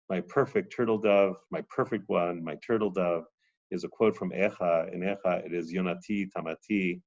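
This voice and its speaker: A man's voice: deep voice, darkish tone, highs cut off. A man lecturing on a text, reading passages aloud with rising drama and then explaining them.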